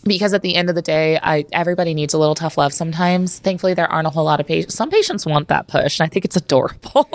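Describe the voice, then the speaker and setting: Low, gravelly-voiced woman chiropractor. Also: racing, few pauses, dry recording. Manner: candid, frank storytelling that acts out her own quoted exchanges. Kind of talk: casual interview talk.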